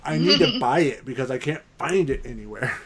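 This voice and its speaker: A man's voice: mid-range voice, lively intonation, a little fast, breathy edge. An American man co-hosting a casual podcast, laid-back and crude, swearing casually. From United States. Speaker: podcast co-host.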